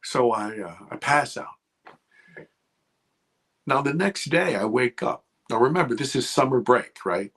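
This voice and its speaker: A man in his fifties, a radio show guest, retelling a frightening childhood memory in halting, emotional speech. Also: medium pitch, lively intonation, a bit bright. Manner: emotional, halting, restarts under strain. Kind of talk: personal story on a talk radio show.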